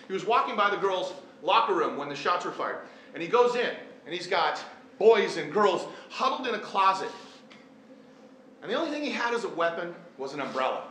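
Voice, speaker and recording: A man's voice: sits high, sing-song, brisk, bright, forceful tone. A middle-aged man, a teacher, tells a personal story to a live audience in an earnest, self-deprecating way. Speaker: teacher and event speaker. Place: large echoey hall. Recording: echoey hall, faint room noise.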